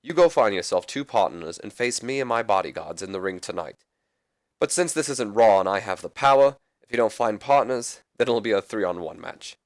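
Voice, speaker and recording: Smug British wrestling boss, low-pitched, read by a man in a shaky accent, dry close mic. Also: expressive, normal speed, no room sound. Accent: British, put on poorly. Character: pompous British male wrestling commissioner.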